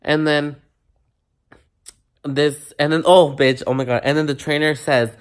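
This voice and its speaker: A man's voice: fairly high pitch, measured pace, clean tone. Young man telling a profane storytime. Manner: animated, profane, mixes in Spanish words. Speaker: vlogger. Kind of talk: casual storytime to camera.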